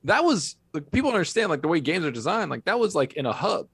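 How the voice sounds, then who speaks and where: A man chats on a gaming podcast at a quick clip, his voice sitting a little high. He is animated and often slips into mock quotes of others. The sound is dry and close to the mic. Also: creaky, slightly rough, dry recording. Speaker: podcast co-host. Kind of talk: casual chat.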